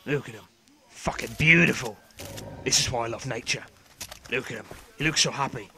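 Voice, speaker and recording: A man giving comedic in-character commentary over a video game, swearing constantly and breaking into sudden excited outbursts. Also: medium pitch, normal speed, a little hiss or hum. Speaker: gameplay commentator.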